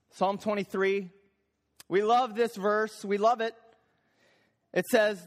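A man preaching a sermon as pastor, animated, repeating phrases for emphasis and acting out little voices. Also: high voice, moderate pace, pauses often. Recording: long hall reverb.

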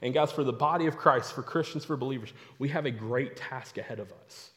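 A man's voice: mid-range voice, a little fast, a bit bright. Preaching man in a reverberant hall. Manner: storytelling, repeats phrases for emphasis. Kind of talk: sermon.

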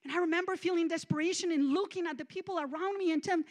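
A woman minister preaching a sermon and telling a personal testimony, moving between hushed and loud. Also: very high voice, very fast, few pauses. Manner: emotional storytelling, swinging from hushed to loud. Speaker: guest minister.

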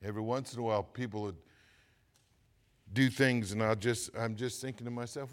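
A pastor preaching a sermon, swinging from quiet asides to loud, emphatic lines. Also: male voice, medium pitch, fairly even intonation, brisk, long pauses.

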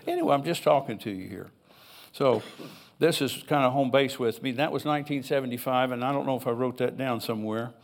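In a church, an older pastor delivers a sermon in a creaky, medium-pitched voice at a brisk clip. His style is easygoing and chatty, mixing scripture readings with rambling personal remarks.

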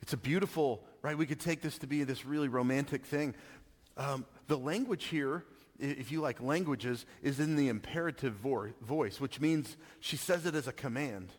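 A man's voice: medium pitch, moderate pace, long reverb tail. A man preaching a sermon in a conversational way, often stopping to ask "right?" and chuckling as he explains. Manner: conversational, laughs often, keeps asking "right?". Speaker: pastor.

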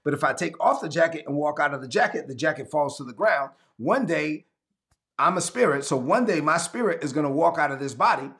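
A male pastor with a fairly high voice preaches to an online congregation. He declares statements and has his listeners repeat them back. His delivery is earnest and emphatic. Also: lively intonation, brisk, a bit bright. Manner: declaring, call-and-response preaching. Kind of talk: livestreamed sermon.

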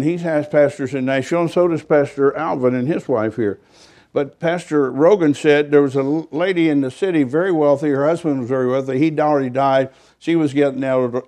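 A man's voice: mid-range voice, darkish tone. An older man, a pastor, telling a story in a rambling, folksy sermon with self-deprecating humor.

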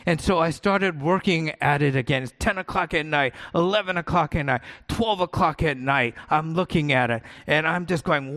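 Man, pastor, sermon, conversational, earnest, repeats for emphasis, slightly higher voice. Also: normal speed, hardly any pauses, a bit bright.

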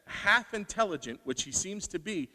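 A man preaching a sermon, animated and asking rhetorical questions, acting out the voices he quotes. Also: sits high, moderate pace, big-room sound.

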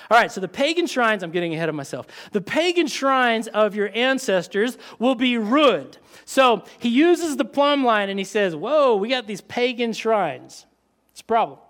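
Male preacher, high-pitched, animated conversational sermon delivery. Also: moderate pace. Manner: animated, conversational with asides and laughs.

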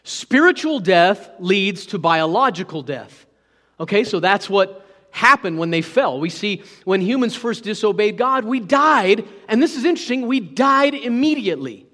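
High-voiced preacher in a reverberant hall. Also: male voice, expressive, moderate pace, fairly bright tone. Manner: emphatic, questions the congregation. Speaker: pastor. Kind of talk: sermon.

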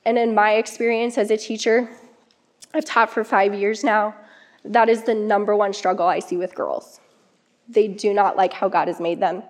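A young woman giving an earnest, conversational devotional talk to camp counselors. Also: a little high. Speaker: camp speaker.

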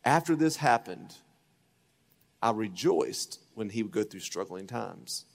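A man preaching a sermon as pastor, telling a story and acting out the voices in it, swinging from loud to hushed. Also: lowish voice, animated, measured pace, vocal fry, long reverb tail. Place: church sanctuary.

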